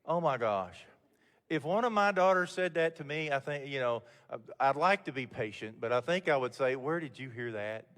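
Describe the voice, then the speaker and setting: A man's voice: fairly high pitch, expressive, normal speed, a bit bright. An older man speaking as guest speaker at a mentoring event, telling stories in a candid, folksy way with frequent restarts. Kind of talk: motivational talk to mentors. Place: event hall. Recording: long hall reverb.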